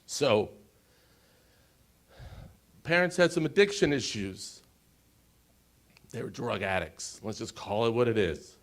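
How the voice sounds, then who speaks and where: A man in his forties telling his personal story on a conference stage, emotional and pausing, often asking the audience questions. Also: medium pitch, sing-song. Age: 40s. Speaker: conference speaker.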